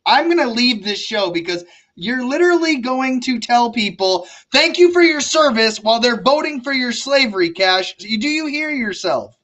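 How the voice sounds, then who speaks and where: A man's voice: extremely high pitch, a bit bright. A man in a heated podcast argument, furious and profane, repeating his denials. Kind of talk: angry political argument.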